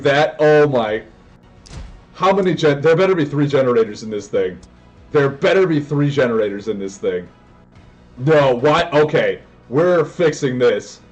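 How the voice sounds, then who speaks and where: A man commentating his own card game live, excitable and prone to yelling and tangents. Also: mid-range voice, highs cut off. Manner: excitable, yells in bursts, goes on tangents.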